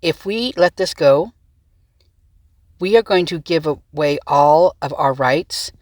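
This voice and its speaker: A woman's voice: deep voice, lively intonation, takes it slowly, a little mellow, dry recording. A woman hosting her own video channel, delivering a heated commentary rant into her tablet's microphone and firing rhetorical questions at her viewers. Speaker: vlog host. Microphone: tablet microphone, close to screen.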